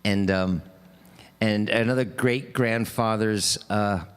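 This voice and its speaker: A singer-songwriter man chatting casually between songs on a live stream, halting and rambling with many fillers. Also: fairly low pitch, steady tone, clean tone.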